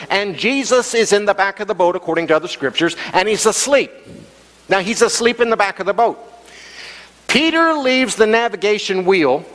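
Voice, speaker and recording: Male pastor, animated sermon delivery, slightly high voice, big hall echo. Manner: animated preaching, acts out quoted voices. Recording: long hall reverb.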